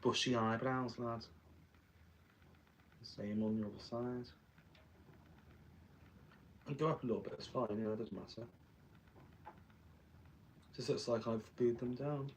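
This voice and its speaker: A man's voice: mid-range voice, steady tone, measured pace, pauses often, a little hiss or hum. A young man chatting casually while doing his drag makeup, rambling with self-mocking asides. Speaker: drag performer and vlogger.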